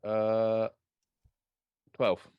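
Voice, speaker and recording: A man playing a tabletop game, chatting and asking rules questions in quick bursts. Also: fairly low pitch, monotone, clean tone, dry recording, muffled recording. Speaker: player.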